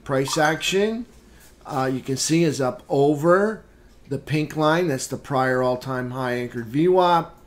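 A man hosting a live trading room, calmly talking through market charts with casual fillers. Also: medium pitch. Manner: unhurried, plain chart commentary with fillers. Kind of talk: live market recap walkthrough.

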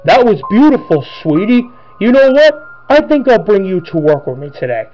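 A man's voice: high-pitched, very animated, normal speed, darkish tone, lo-fi sound, soft background music, voice pushed up. A man voicing a fond, indulgent father who speaks sweetly to his daughter. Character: doting cartoonish dad talking to his daughter.

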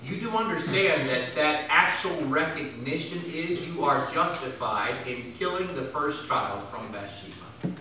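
Pastor guy preaching in a big echoey church, sharp bright voice, mic kinda far off. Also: animated, a little slow, noisy background. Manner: swings from loud emphatic bursts to low quiet asides. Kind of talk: sermon. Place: church sanctuary.

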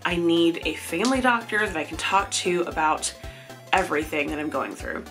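A woman in her thirties talks in a chatty, candid way, often laughing at herself, and sounds tired. Her voice sits fairly low. Faint music plays underneath. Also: expressive, normal speed, fairly bright tone. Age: 30s. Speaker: vlogger. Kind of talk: casual personal update.

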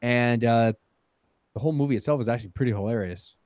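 Male podcast co-host, lively storyteller, dry close sound. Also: mid-range voice, fast, no room sound. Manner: animated storyteller, playful exaggeration. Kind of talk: casual chat.

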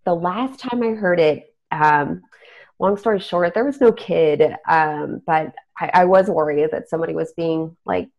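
This podcast host is a young Texan woman with a fairly low voice, speaking a little slowly as she spins a spooky tale in relaxed conversation. Her storytelling drifts and trails off, captured on a dull lo-fi recording.

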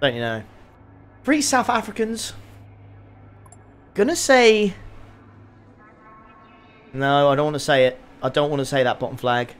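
Guy on a racing stream, voice bouncing all over, bit high, joking and swearing with chat. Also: measured pace, pauses often, clear, resonant tone. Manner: excitable, joking, swears freely. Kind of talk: casual live-stream commentary.

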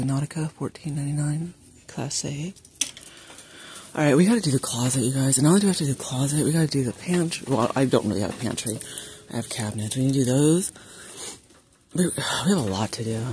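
A woman with a rumbling low, darkish voice chats casually with her viewers as she shops in a large indoor retail store, reading out prices. She sounds a bit sniffly from allergies, and store ambience noise fills the background of this shop-with-me vlog.

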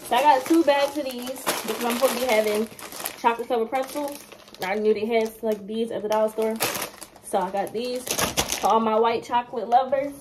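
A woman's voice: a little high, background noise. A young woman chatting casually to viewers in a vlog, talking straight at the camera. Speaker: vlogger. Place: car and home.

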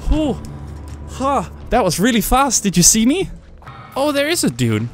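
A young man plays through a horror game, his very high voice leaping up and down as he yelps and curses at each scare. Between frights he drawls slowly and jokes to himself. Game music plays clearly beneath him. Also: huge pitch swings. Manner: jumpy, screams and swears at scares, jokes to himself. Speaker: gamer playing a horror game. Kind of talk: let's play commentary. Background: game music and sounds.

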